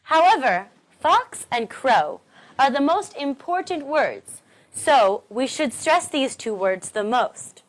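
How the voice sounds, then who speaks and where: A woman teaching English pronunciation in a recorded online lesson, encouraging and deliberately modelling sentence stress. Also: high-pitched, very animated.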